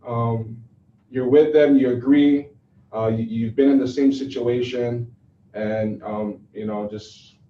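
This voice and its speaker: A man's voice: medium pitch, fairly even intonation, slow, a little hiss or hum. A man leading a sales training session, talking loosely and chattily with many fillers. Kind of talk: classroom training talk. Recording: echoey, distant, dull room recording.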